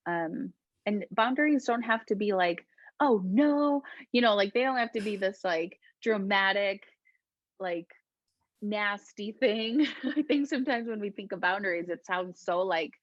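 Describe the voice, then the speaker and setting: A woman from Colombia, a guest healer, talking gently and reflectively in a casual interview, often laughing. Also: mid-range voice, unhurried, no room sound, highs cut off.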